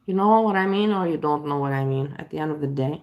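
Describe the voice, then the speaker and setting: A woman's voice: low-pitched, racing, lo-fi sound. A woman from Europe hosting a reaction video, giving blunt, profane commentary in a casual, opinionated way.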